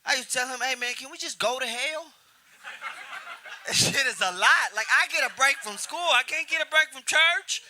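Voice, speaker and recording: A man in his twenties doing a profane stand-up comedy set, telling stories and shouting out quoted lines. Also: very high-pitched, moderate pace, slight background noise. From Houston area. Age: 20s. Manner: brash, profane storytelling with loud acted-out quotes. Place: comedy club stage.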